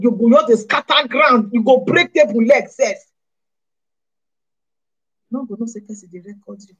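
Husky woman with a Nigerian Pidgin accent. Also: fairly high pitch, moderate pace, long pauses, muffled recording. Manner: animated, scolding, rhetorical questions. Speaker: vlogger. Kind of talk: casual monologue to camera.

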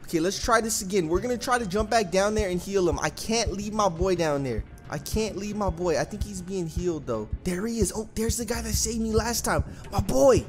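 A man giving excitable gameplay commentary as a gaming YouTuber, yelping and screaming when scared. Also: faint music behind. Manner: rapid high-pitched panicky exclamations.

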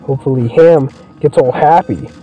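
A young man giving profane, excitable commentary while playing a video game. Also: mid-range voice, normal speed, narrow, tinny audio, soft background music. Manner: profane, excitable, swears constantly. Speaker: gameplay streamer. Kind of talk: let's play commentary.

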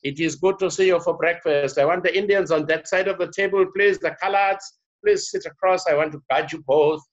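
A man's voice: on the high side, fairly even intonation, fairly quick, voice pushed up, close to an everyday voice. A stiff, self-important husband lays out the breakfast seating in a raised, overdone voice, as a man puts him on. The delivery is sarcastic and mock-formal, dripping with exaggeration. The audio is muffled and lo-fi. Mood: mock-pompous. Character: pompous mocking husband seating family by race.

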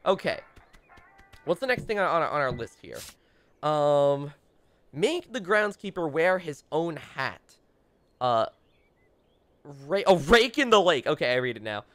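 Teasing, animated young man playing a game. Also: fairly high pitch, unhurried, long pauses. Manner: teasing, mock-dramatic, talks to game characters. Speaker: let's play host. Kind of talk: playful gameplay commentary.

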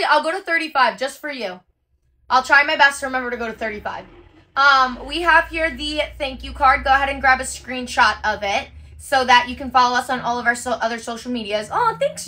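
Bright, high-voiced chatty woman. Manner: chatty, upbeat, frequent ums and likes. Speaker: livestream host packing orders. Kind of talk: casual livestream chat.

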